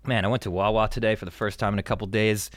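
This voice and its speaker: A man's voice: lowish voice, level tone, racing, no echo, studio quality. A young man hosting an advice podcast in casual chat, rambling and stammering with lots of swearing. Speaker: podcast host.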